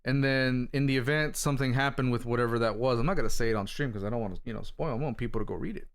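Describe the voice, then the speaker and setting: A man's voice: medium pitch, very fast. A man chatting casually to viewers as a gaming streamer, talkative and exclamatory, with some casual swearing. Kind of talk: casual live-stream chat.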